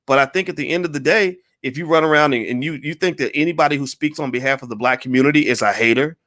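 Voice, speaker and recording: A man delivering an emphatic opinion monologue as a commentator, repeating his points forcefully. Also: a little high, quick pace.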